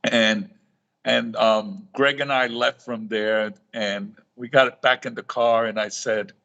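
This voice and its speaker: A man's voice: mid-range voice, steady tone, takes it slowly, vocal fry, bright, forceful tone, muffled recording. A middle-aged man, a guest author on a talk show, telling stories and acting out quoted dialogue, often restarting his sentences. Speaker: guest, reef aquarium author. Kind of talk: storytelling in a live talk show interview.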